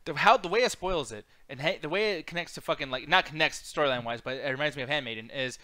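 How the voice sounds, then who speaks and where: A man co-hosting a casual movie chat, ranting with lots of profanity and animated complaints. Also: a little high, fast talker. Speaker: podcast co-host.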